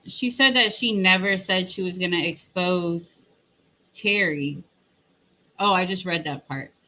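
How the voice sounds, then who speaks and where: A woman's voice: fairly low pitch, a little slow, bright, forceful tone, poor audio. A woman hosting a commentary channel, retelling an online argument in a sarcastic, mocking tone and reading out comments. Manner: rambling with fillers and restarts.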